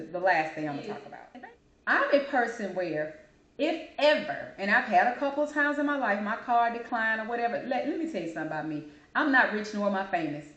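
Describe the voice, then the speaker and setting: A woman's voice: medium pitch, fairly quick, dull audio. Sassy woman ranting in an echoey room. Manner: sassy, animated, calls listener "baby". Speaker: host. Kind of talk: casual opinion monologue.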